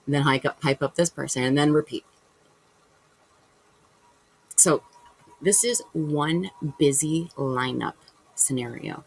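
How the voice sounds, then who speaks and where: Speaking at a moderate pace in a mid-range voice, a vlogger chats casually to camera, wandering through spiritual musings, playing out imagined conversations, using fillers and fixing their own words as they go. The recording is rough.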